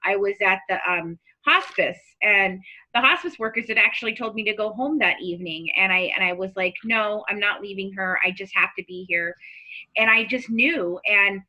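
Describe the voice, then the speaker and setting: A woman hosting a true crime podcast, telling personal stories in an animated way and acting out other people's voices. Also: mid-range voice, normal speed, low-quality recording. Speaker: podcast host.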